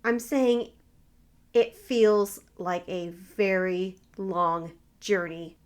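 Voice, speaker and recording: A woman co-hosting a podcast, chiming in on a movie recap with quick, jokey reactions in casual chat. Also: medium pitch, steady tone, clean tone. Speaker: podcast co-host.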